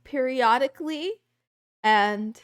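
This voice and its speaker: A woman's voice: sits high, slow pace, no room sound, clean studio sound. A young adult woman streamer chatting casually and playfully with her live chat, rambling from topic to topic. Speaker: VTuber streamer.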